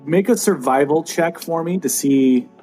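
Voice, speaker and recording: A man's voice: fairly high pitch, measured pace, mellow, soft background music. A man acting as dungeon master, patiently explaining the rules step by step. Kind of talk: running a tabletop game.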